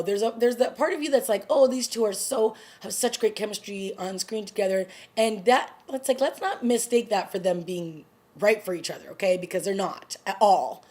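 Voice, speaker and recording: A woman's voice: lowish voice, darkish tone. Chatty woman recapping a TV episode. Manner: chatty, acts out characters' lines in quick asides. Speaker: TV review vlogger. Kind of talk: casual recap chat.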